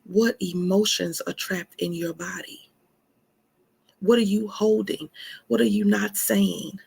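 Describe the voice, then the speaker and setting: A woman's voice: on the low side, lively intonation, slow pace, gravelly, darkish tone, breathy edge. A woman giving an emphatic self-care talk, calling her listeners honey. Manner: emphatic, laughing asides, calls listeners honey. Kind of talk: motivational talk.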